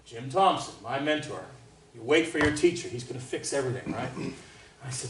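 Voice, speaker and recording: A man, a trumpet soloist, teaching a master class in an animated, chatty way and laughing often. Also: mid-range voice, a little fast. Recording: roomy hall from far off, faint noise.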